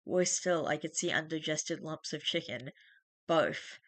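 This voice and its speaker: A streamer reading a first-person horror story aloud in steady narration, with small restarts. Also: medium pitch, unhurried, dry recording.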